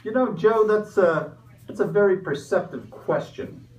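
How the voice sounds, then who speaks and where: A man's high-pitched, slightly mellow voice moves at a measured pace as he plays a smug, greedy Easter Bunny in a sketch interview, all wisecracks and pushy salesman talk. It's recorded in an echoey room with a distant mic.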